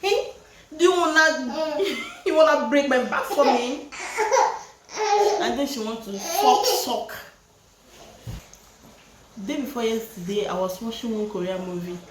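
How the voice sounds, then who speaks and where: A woman's voice: fairly high pitch, animated, unhurried, pauses often, roomy sound, background noise. A woman with a Nigerian accent chatting casually while she cooks at home, laughing often and slipping Yoruba phrases into her English. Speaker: vlogger and mother. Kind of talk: casual chat while cooking. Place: home kitchen.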